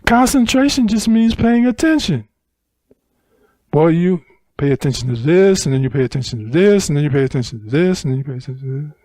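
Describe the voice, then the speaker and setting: A man gives a Buddhist dharma talk at a retreat center, unhurried and emphatic, repeating phrases to drive his points home. His voice is darkish and sits a little high for a man, with wide pitch swings. The sound is dry and close, with no echo.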